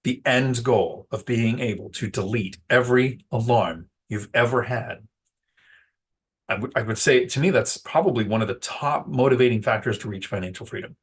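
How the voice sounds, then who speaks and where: With a medium-pitched voice that has a breathy edge, a real estate investor chats to the camera about landlording. His casual vlog rambles, and he jokes at his own expense when he can't find a word.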